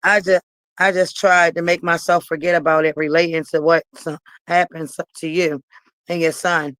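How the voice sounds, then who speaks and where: A woman's voice: lowish voice, flat delivery, normal speed, fairly bright tone, no echo, rough recording. A woman vlogger telling a personal story straight to her viewers, emphatic and repeating herself for weight.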